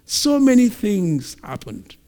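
A man from Nigeria preaching a sermon, retelling a scripture story in an animated way. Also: high-pitched, takes it slowly. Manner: animated storytelling, acts out scenes.

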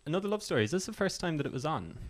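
A man's voice: a little high, big pitch swings, very fast. An Irish man hosting a casual podcast, self-deprecating and laughing easily. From Ireland. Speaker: podcast host.

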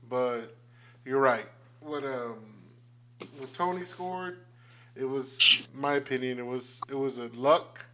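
A man's voice: medium pitch, a bit bright. A man co-hosting a casual football podcast, blunt and skeptical, interrupting and swearing freely. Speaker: podcast co-host. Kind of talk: casual sports chat.

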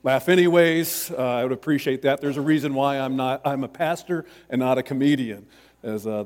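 A man's voice: medium pitch, a little mellow, big-room sound. A man pastor preaching a sermon in a church, chatty and self-deprecating, with many restarts.

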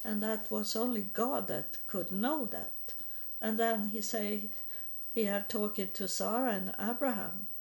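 A woman tells her religious testimony in English at an unhurried pace. Her voice has a gravelly fry, and she stops and repeats words often, with broken grammar. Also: mid-range voice, darkish tone. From Sweden.

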